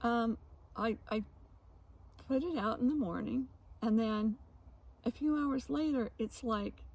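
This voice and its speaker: A woman co-hosting a casual chat, telling odd stories with frequent laughs and halting restarts. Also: on the high side, a little mellow, poor audio. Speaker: co-host.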